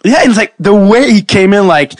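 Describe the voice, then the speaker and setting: A man's voice: high voice, animated, brisk, no echo. A man hosting a casual podcast interview, telling stories in a rambling way full of filler words. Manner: rambling storyteller, heavy use of filler words. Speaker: podcast host.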